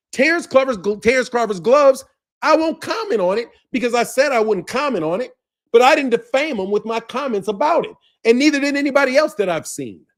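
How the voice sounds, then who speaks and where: A man hosting a boxing channel, ranting in heated, profane, confrontational bursts and repeating himself as he calls someone out. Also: very high voice. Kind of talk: ranting commentary to camera.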